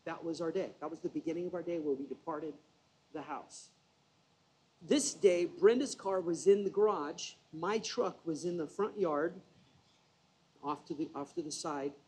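A man with a slightly high, husky voice preaches by telling a story from his own life. He talks in a loose, conversational way, full of energy, and pokes fun at himself as he goes. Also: normal speed, low-quality recording. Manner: animated, conversational storytelling with self-deprecating asides. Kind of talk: sermon storytelling.

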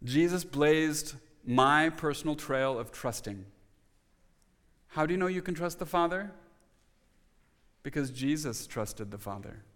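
A man's voice: on the high side, lively intonation, a little slow, long pauses, a bit bright, long reverb tail. A man preaching a sermon as a pastor, asking his congregation rhetorical questions and restarting his phrases as he stresses his points.

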